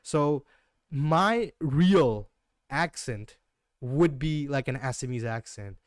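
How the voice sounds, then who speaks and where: A man's voice: medium pitch, slow pace, no echo, clean studio sound. A young man from Northeast India with an Indian English accent, chatting casually and slangily as a livestream trading host. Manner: slangy, relaxed, keeps saying "bro".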